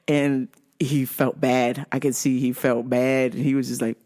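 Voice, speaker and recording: A woman's voice: rumbling low, moderate pace, hardly any pauses. A woman from Southern California who hosts a podcast and tells comedic stories, swearing and laughing often. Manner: animated, profane, laughs often. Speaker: podcast host. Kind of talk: comedic storytelling.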